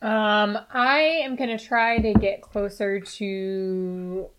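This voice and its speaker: A woman's voice: mid-range voice, fairly even intonation, takes it slowly, fairly bright tone, smooth. A woman as a player in a tabletop game, talking in a candid, wry way. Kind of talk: tabletop role-play.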